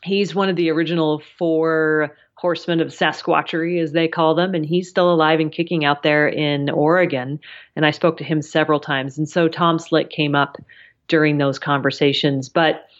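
A woman journalist, a guest on a podcast, explaining her work in a friendly, lively way. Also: sits low, normal speed, dull audio. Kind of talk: casual interview chat.

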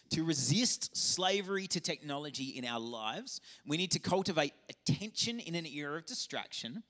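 A man, a pastor, preaching a lively, conversational sermon. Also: on the high side. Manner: animated, conversational preaching with acted-out dialogue. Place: church auditorium.

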